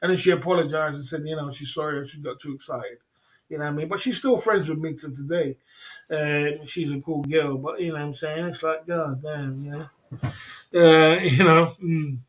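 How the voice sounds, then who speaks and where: A man's voice: fairly high pitch, fairly even intonation, moderate pace. A man hosting a livestream, telling rambling stories between laughs in casual chat. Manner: reads viewer comments aloud. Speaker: livestream host.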